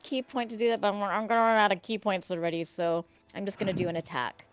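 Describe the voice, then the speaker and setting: A woman's voice: medium pitch, steady tone, fast talker, clean tone, soft background music. A woman playing a tabletop game, talking casually and asking about the rules as she plays. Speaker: player.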